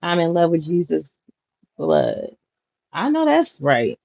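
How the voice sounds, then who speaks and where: A woman's voice: low voice, huge pitch swings, slow pace, vocal fry, darkish tone, no echo. A young woman hosting a casual livestream from home, chatting with viewers, reading their comments and laughing often. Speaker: livestream host. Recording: dull lo-fi livestream audio, dry.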